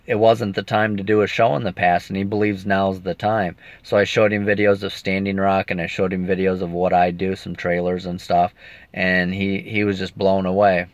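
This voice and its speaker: Low gravelly man rambling in a car. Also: no room sound. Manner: rambling, emotional, reads viewer comments. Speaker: activist giving an update. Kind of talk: casual video update. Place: sitting in a car. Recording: dull lo-fi sound.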